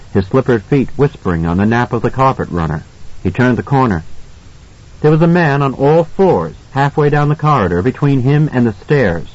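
A man narrating an audiobook in a measured, suspenseful reading style. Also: mid-range voice, a little mellow, dull audio. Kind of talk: scripted narration.

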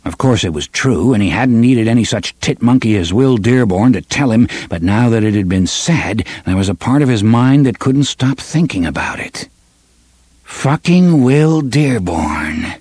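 A man reading a gritty novel aloud in steady, measured audiobook narration. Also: medium pitch, breathy edge, no room sound. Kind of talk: scripted narration.

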